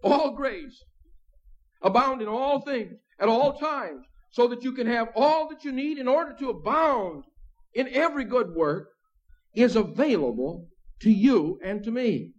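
A man with a high voice preaches a sermon in a relaxed, talky way, dropping in asides and soft chuckles. The recording is dull and lo-fi. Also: a little slow. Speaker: pastor.

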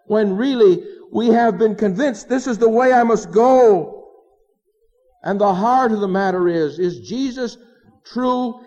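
A man's voice: sits high, warm tone. A man preaching a sermon in an earnest, emphatic way, asking his listeners rhetorical questions. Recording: dull lo-fi sound with long hall reverb.

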